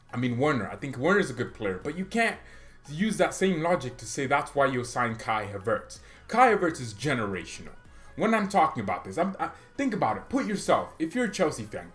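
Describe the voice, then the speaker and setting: A man's voice: mid-range voice, fairly bright tone. A man hosting a football fan channel, talking in a casual, joking vlog style and mocking rival clubs.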